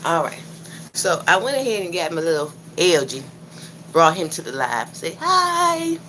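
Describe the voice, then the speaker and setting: Speaking in a low, expressive voice that's a bit bright, a woman livestreams her breakfast cooking from her home kitchen at a moderate pace. She chats casually and talks directly to her viewers over a slight hiss or hum.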